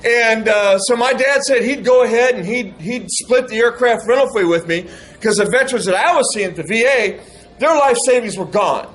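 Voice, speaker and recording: High-voiced middle-aged man telling stories. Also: normal speed, slight background noise, poor audio. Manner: animated, acts out quoted dialogue. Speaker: speaker addressing veterans. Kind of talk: storytelling speech to an audience.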